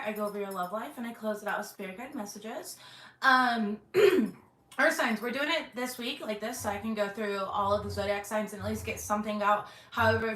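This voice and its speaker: A woman hosting her channel from her bedroom, giving a casual intuitive tarot reading, chatty with many "um"s and throat-clearings. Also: mid-range voice, fairly bright tone. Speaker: tarot reader and channel host. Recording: echoey bedroom, faint background hum.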